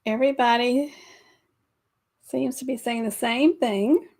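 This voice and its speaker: A woman's voice: fairly high pitch, unhurried, a little mellow. A woman co-hosting a casual livestream chat, laughing often between remarks. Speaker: livestream co-host.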